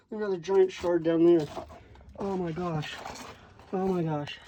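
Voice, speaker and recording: A man vlogging while he crawls through a cramped desert rock cave, straining and exclaiming in excitement. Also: a little high, unhurried, noisy background. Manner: excitable, keeps exclaiming in wonder. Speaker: hiking vlogger. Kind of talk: casual handheld narration while exploring. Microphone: handheld camera he films with.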